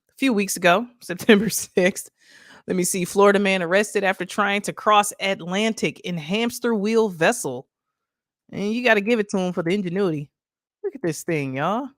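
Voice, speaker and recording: A woman's voice: medium pitch, expressive, normal speed, long pauses, dry recording, clean studio sound. A woman from Michigan hosting a late-night livestream, chatting casually, laughing often and talking straight to her viewers while reading out stories and chat messages. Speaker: livestream host.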